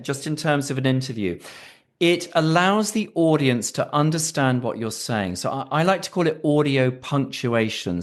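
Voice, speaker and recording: A British man coaching in a podcast interview, his pitch rising and falling in a lively, animated way. He explains things expressively, leaning on vocal variety, at a middle pitch. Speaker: executive voice coach.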